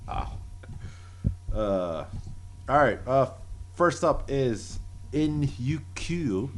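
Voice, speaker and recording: Man, podcast co-host, slow delivery, laughing, crude banter. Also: mid-range voice, animated, slight background noise. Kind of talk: casual podcast banter, reading tweets aloud.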